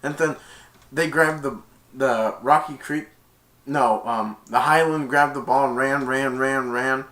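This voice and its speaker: A man casually retelling a movie's plot in a rambling, excitable way, acting out the lines. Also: medium pitch, measured pace. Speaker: movie reviewer.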